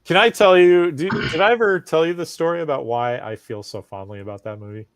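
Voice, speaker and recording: A middle-aged man with a highish voice talks fairly quickly as co-host of a casual chat podcast, a crowd audible in the background. He's an animated storyteller who swears and acts out quotes.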